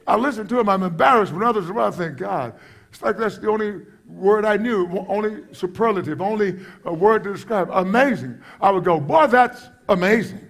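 High-voiced man preaching with fervor. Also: expressive, moderate pace, creaky. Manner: impassioned, swinging from quiet asides to loud exclamations. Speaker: pastor. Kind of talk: sermon.

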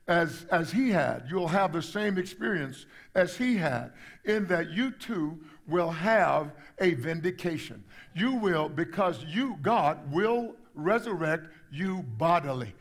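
Male pastor, high voice, emphatic sermon delivery with repeated words. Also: a bit bright. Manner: emphatic preaching, rising to exclamations, repeats words.

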